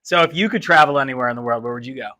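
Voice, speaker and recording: A man's voice: mid-range voice, rapid-fire, bright, forceful tone. A man, a teacher, chatting casually with a student over wings, jokey and rambling. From New Jersey.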